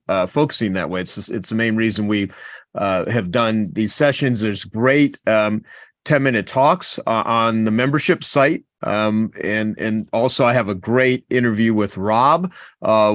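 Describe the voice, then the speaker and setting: A man's voice: fairly low pitch, a bit bright, no room sound, clean studio sound. A man co-hosting a business webinar on a video call, direct and emphatic. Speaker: webinar co-host. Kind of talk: webinar talk.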